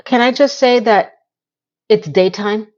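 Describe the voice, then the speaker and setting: A woman's voice: mid-range voice, unhurried, darkish tone, muffled recording. A woman giving a casual recap of a TV episode, with blunt, exasperated commentary and words she repeats for emphasis. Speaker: TV recap reviewer.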